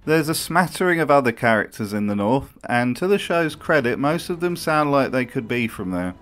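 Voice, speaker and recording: A man giving scripted commentary for a video, sarcastic and profane in his remarks. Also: medium pitch.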